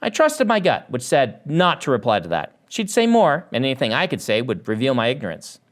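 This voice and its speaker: A man's voice: mid-range voice, brisk. A man reading his own novel aloud as first-person narration, lifting his voice for dialogue. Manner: animated reading that lifts the voice for dialogue. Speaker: author.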